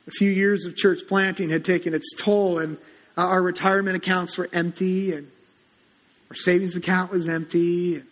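A middle-aged man preaching a sermon as a pastor, conversational and animated, acting out quotes as he goes. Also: high voice. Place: church sanctuary. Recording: long hall reverb.

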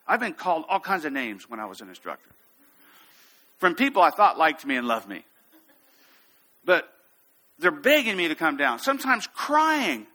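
A man preaching a sermon, telling a story with lively, acted-out quotes. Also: high-pitched. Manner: storytelling, animated, acts out quotes. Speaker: pastor.

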